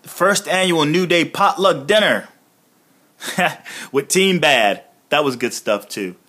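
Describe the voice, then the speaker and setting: Animated, excitable man ranting casually. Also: a little high, slow pace. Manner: profane, excitable, swings between mumbling and loud outbursts; laughs often while retelling scenes. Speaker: podcast host reviewing wrestling shows. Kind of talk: casual solo review podcast.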